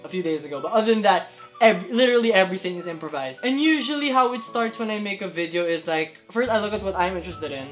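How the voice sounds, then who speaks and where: A man in his twenties answering viewer questions to camera, excitable and gushing, with faint music behind. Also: high voice, fast. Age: 20s. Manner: excitable, gushing, lively swings in loudness. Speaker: YouTube creator. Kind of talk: casual Q&A vlog to camera. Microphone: camera in front of him.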